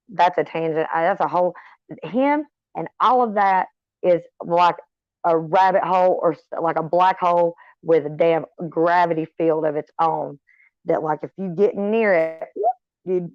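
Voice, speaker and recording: A middle-aged woman vlogs to her viewers in a casual, rambling chat, drifting onto tangents and swearing freely. Her fairly low voice moves at a measured pace. The recording is dry and slightly dull, with no echo.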